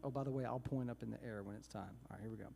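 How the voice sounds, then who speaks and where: A man from Texas, a musician chatting and joking quickly between songs at a service concert in a synagogue sanctuary. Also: mid-range voice, vocal fry. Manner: relaxed, joking, quick, folksy. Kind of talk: stage patter between songs. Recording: long reverb in a large hall. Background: guitar.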